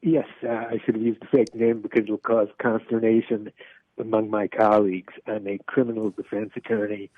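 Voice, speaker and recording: A man calls in to a radio show and speaks haltingly, his voice catching with emotion. His low, husky voice comes through a thin, tinny phone line. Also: level tone, no echo. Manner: emotional, halting, many fillers. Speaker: caller, criminal defense attorney. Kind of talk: call-in radio conversation.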